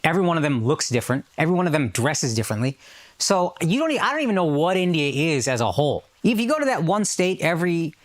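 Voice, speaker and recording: Guy ranting and swearing on a podcast, voice a bit high. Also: sing-song, fast talker. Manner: profane, emphatic storytelling. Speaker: podcast regular. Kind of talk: casual chat.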